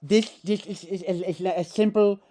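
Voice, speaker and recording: A man doing an impression of a lisping foreign middle-aged male philosopher, who pauses, stutters and spits out his words. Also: high voice, fairly even intonation, warm tone, pitched above the performer's own voice, natural voice. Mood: pontificating. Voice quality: lisping, spitting, stuttering hesitations. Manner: halting, with drawn-out "uh"s between words.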